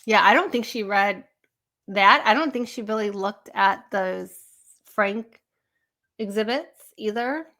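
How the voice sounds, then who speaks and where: A woman's voice: mid-range voice, takes it slowly, pushed and bright. A woman hosting a casual live stream, rambling, laughing often and chatting with her viewers.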